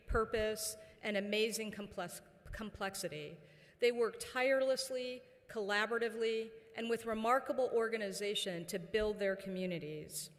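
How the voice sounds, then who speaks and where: A woman giving a commencement address as university chancellor, telling a personal story with fillers and pauses. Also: medium pitch. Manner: warm storytelling with frequent fillers. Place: large indoor ceremony hall. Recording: long reverb of a large ceremony hall.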